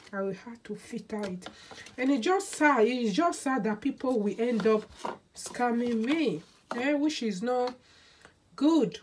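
A woman talks straight to camera in a casual vlog. Her voice sits a little on the high side. She leans hard on her points, repeating phrases over and over in an aggrieved, insistent way. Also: a little hiss or hum. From Nigeria. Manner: emphatic and repetitive, aggrieved. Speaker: hair oil seller and beauty vlogger. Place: indoors, lives in Sweden.

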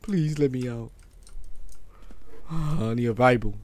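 A man giving casual commentary while playing a horror game, excitable, swearing and yelping when scared. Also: mid-range voice, takes it slowly.

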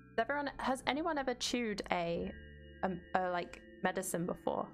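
A woman's voice: medium pitch, lively intonation, moderate pace, soft background music. A woman streaming a game, chatting casually with viewers and reading the game's narration aloud.

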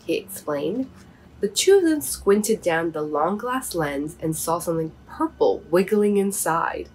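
A woman reading her children's picture book aloud, gently and expressively. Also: on the low side, animated, unhurried, husky, low-quality recording. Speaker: storybook reader and author.

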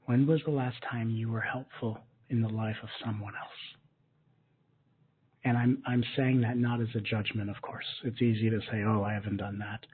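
A man leading a guided gratitude meditation as a spiritual teacher, speaking softly and slowly in a soothing way. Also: lowish voice, steady tone, breathy edge. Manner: soft, slow and soothing, with gentle repetitions. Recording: muffled lo-fi narrow-band audio.

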